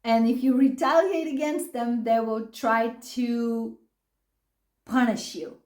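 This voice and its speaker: A woman's voice: fairly high pitch, steady tone, takes it slowly, darkish tone, echoey room. A middle-aged woman explaining psychology casually and animatedly, acting out quoted lines and laughing often. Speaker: psychology video host.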